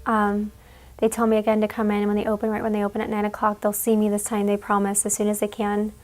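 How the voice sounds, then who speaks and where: A young woman giving an emotional personal account in an interview, halting and full of "like"s. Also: medium pitch, monotone, a little mellow. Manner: halting, fillers, many "like"s.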